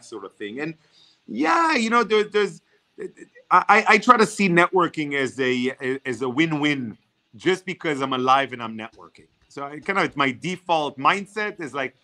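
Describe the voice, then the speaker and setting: Over a video call, a networking guest speaker who isn't a native English speaker offers energetic advice at a normal pace. His voice sits on the high side, and he tends to repeat words when starting sentences.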